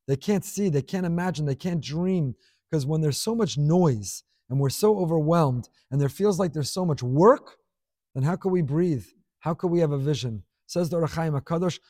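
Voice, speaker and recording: A man's voice: a little high, expressive, moderate pace, a little mellow, dry recording, studio quality. A man giving a Torah class, teaching expressively with rhetorical questions and scattered Hebrew and Yiddish terms.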